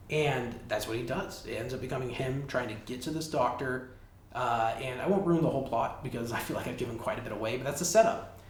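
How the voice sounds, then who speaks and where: A man's voice: mid-range voice, brisk. A man hosting a casual solo podcast, retelling a film plot in a rambling way, full of "like" and swearing. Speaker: podcast host. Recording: roomy backup recording with faint hiss.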